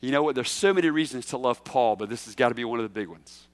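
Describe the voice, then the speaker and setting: A man preaching a sermon as senior pastor, shifting between slow emphatic phrases and quick asides, with sudden loud, high bursts when he voices a quoted figure. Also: no echo.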